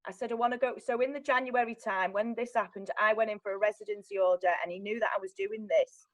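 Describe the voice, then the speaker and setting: A young woman, telling her own story as a guest in a blunt, animated way, swearing often. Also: medium pitch, fast talker, rough recording. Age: young adult. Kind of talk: candid personal storytelling.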